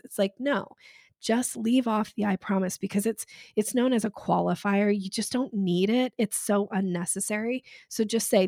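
Frank woman sales coach, gravelly edge. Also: medium pitch, normal speed, darkish tone, no room sound, clean studio sound. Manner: emphatic, frank, laughs between points. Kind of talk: casual podcast conversation.

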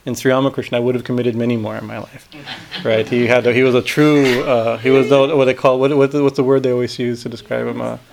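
Swami guy reading a holy text, mid pitch, keeps stopping to explain stuff, says "right?" a lot. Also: level tone, creaky. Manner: halting asides, frequent "right?" tags. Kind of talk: reading scripture aloud with commentary.

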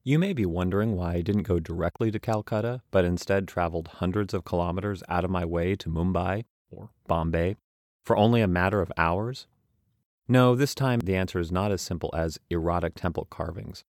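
A man's voice: deep voice, a little fast, darkish tone, dry recording, clean studio sound. A young man narrating his travel journal aloud, wry and self-mocking.

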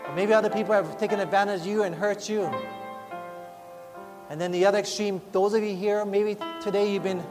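Delivered at a brisk pace, this sermon comes from a pastor with a high voice and fairly even intonation. He recounts his own experience in a sincere, heartfelt manner that builds into pleading. Faint music plays behind him, and the sound carries a long reverb.

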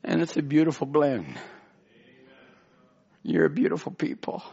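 A man's voice: a little high, very animated, unhurried, creaky, dark tone, slightly rough, highs cut off. A man preaching an emotional, rambling sermon as pastor in a church, pleading and often near tears. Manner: tearful, pleading, rambling with restarts.

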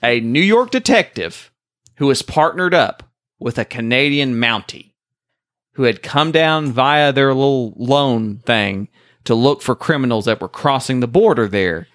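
A man's voice: medium pitch, animated, measured pace, fairly bright tone, dry recording, studio quality. A man co-hosting a podcast, rambling at length through stories in casual chat. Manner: rambling, talkative storyteller. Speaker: podcast co-host.

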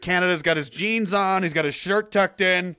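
Guy rambling on a casual show, bright voice, lots of swearing. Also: high voice, normal speed, smooth. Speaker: host. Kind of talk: casual chat.

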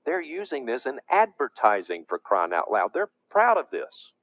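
A man's voice: mid-range voice, wildly swooping pitch, moderate pace, fairly bright tone, no echo. A man preaching a lecture, emphatic and indignant as he warns his audience.

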